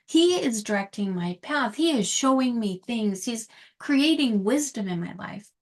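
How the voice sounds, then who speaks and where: A middle-aged woman speaking in a fairly high voice. She talks earnestly and reflectively as a host, confiding in her listeners. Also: animated, measured pace. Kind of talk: casual solo talk on books and self-worth.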